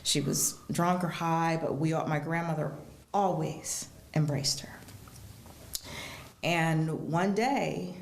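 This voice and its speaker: Casting: woman, low gravelly voice, lively storyteller in an echoey room. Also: takes it slowly, a little hiss or hum. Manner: animated storyteller, acts out quoted voices. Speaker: guest. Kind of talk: storytelling in a casual interview.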